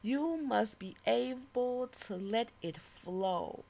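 A woman performing her own spoken-word poem with passion and a preaching tone, dropping to whispers and then rising to loud declarations. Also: on the high side, lively intonation, slow pace, vocal fry. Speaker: poet. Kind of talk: spoken-word poetry recital.

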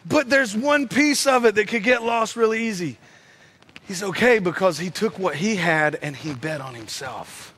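A man preaching, his voice pitched high and bright as he acts out each scene. He jumps between shouted sound effects and hushed, low lines, telling the story like a performer. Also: lively intonation, moderate pace, breathy edge. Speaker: pastor. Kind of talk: energetic sermon storytelling.

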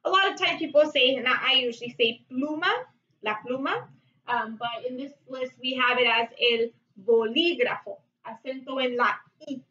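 A woman teaching a vocabulary lesson, saying each word slowly and carefully. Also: high-pitched, pushed and bright, recorded from a distance. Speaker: Spanish teacher. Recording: dull, roomy sound from off-mic.

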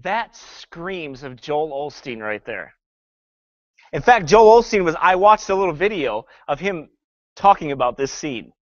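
A man preaching with fervor and biting sarcasm, a pastor taking apart a film's message line by line. His voice sits a little high for a man. The sound is dry and somewhat dull, as if recorded on modest gear in a dead room. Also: sing-song, measured pace, no room sound. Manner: sarcastic, fervent preaching with scripture reading. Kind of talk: sermon critiquing a film.

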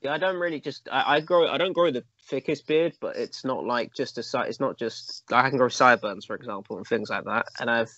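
A man's voice: medium pitch, brisk, few pauses, fairly bright tone, no room sound, highs cut off. A young man, co-host of a reaction video, trading crude casual banter with playful jokes. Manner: crude joking, playful repetition.

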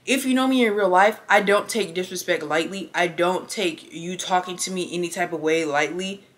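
Young woman, vlogger, casual storytime, blunt, emphatic, profane, bright tone. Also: fairly low pitch, moderate pace. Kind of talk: casual storytime while getting ready.

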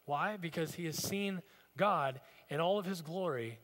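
Male pastor, bright, forceful tone, slightly higher voice, casual storytelling sermon, long church reverb. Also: measured pace. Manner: conversational, storytelling preaching. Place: church sanctuary.

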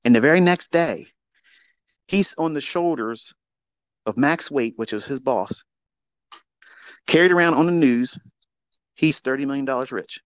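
A man telling a story in a casual monologue, profane and mocking, with sudden loud outbursts. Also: a little high, lively intonation, measured pace, long pauses, no echo. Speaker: trading educator on a live audio space.

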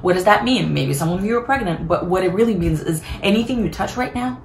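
A woman's voice: on the low side, expressive, fast talker, gravelly. A woman giving a casual tarot reading in a bubbly, chatty way and laughing often. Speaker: tarot reader. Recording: echoey room, faint background noise.

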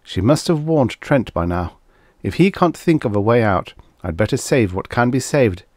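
A man's voice: medium pitch, animated, normal speed, darkish tone, no echo, studio quality, voice pushed up, close to an everyday voice. A man reading a science fiction audiobook, voicing a tense, weary spaceman stranded on an alien world who mutters half to himself. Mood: brooding.

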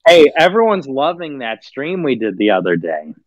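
A man's voice: mid-range voice, very animated, moderate pace, no room sound, highs cut off. A man in a casual stream chat, talking with profanity and sarcasm and mock-acting other people. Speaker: streamer guest.

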